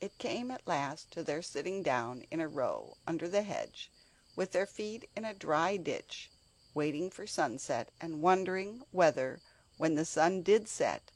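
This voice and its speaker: A woman narrating a children's storybook with an expressive, animated reading. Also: sits low, no echo.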